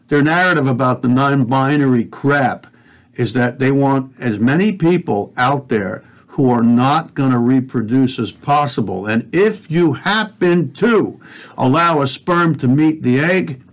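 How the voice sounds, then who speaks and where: A man's voice: mid-range voice, expressive, measured pace. Fiery, profane talk-show host man. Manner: fiery, profane, preachy, addresses listeners directly. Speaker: podcast host. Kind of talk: heated conspiracy talk show rant.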